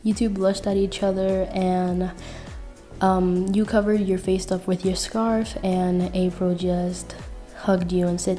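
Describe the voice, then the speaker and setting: A young woman reads a listener story in a casual, chatty way, full of fillers. Her voice is mellow and unhurried in tone. Soft music plays faintly underneath. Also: fairly low pitch, little pitch movement. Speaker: fanfic narrator and channel host. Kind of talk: reading a fanfic-style listener story.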